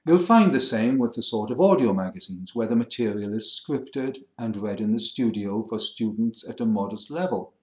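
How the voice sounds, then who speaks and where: A middle-aged man with a middle-class educated English accent, explaining things in a measured, wry teaching manner. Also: lowish voice, animated, a little mellow, roomy sound. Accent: standard English, middle-class educated. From England. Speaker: French listening teacher. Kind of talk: lecture to camera.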